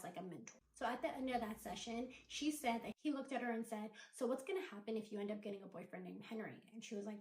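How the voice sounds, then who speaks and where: Woman, storytime commentator, higher voice, chatty retelling, echoey room. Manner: chatty, quotes people in dialogue, many "like" and "da, da, da".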